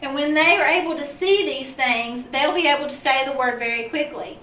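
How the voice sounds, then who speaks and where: A woman's voice: high voice, fairly quick, slight background noise. Patient woman teacher in a roomy room. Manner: clear, patient, step-by-step explaining. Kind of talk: instructional video for parents. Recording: roomy, distant, dull-sounding classroom recording.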